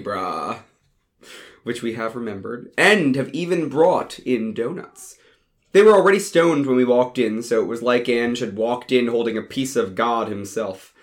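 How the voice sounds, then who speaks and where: A man narrating an audiobook in the first person, in a wry, casual way. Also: medium pitch.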